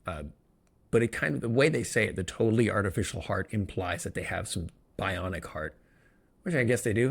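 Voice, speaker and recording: A man's voice: fairly low pitch, creaky, husky. A man hosting a solo good-news podcast, chatting casually and wandering into joking, self-interrupting asides. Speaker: podcast host.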